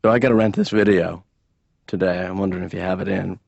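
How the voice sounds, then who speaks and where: A fast, dry, sarcastic slacker son. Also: male voice, low-pitched, little pitch movement, gravelly, a little mellow, dry recording. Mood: flat. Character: sardonic young adult slacker son. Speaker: adult son. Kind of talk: deadpan cartoon dialogue. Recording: dull lo-fi audio, faint hiss.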